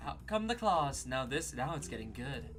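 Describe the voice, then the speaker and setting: A woman streamer chatting casually and reacting to a game in an excitable, gossipy way, sometimes swearing. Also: rumbling low, moderate pace, music in the background.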